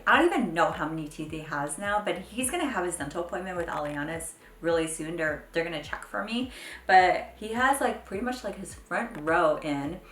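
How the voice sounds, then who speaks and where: A young woman chatting casually to camera as a mom vlogger, full of "like" and "um", with pitch jumping up when she mimics her kids. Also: fairly bright tone. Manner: chatty, fills speech with "like" and "um". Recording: echoey home room, faint background noise.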